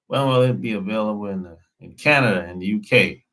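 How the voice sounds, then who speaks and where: A man's voice: lowish voice, quick pace, a bit bright, low-quality recording. A man hosting a casual live stream as a dating coach, talking bluntly in slang and repeating himself.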